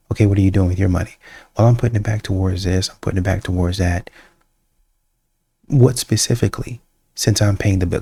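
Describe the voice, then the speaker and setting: Gravelly man ranting in reaction commentary. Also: fairly low pitch. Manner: animated, acts out quoted voices.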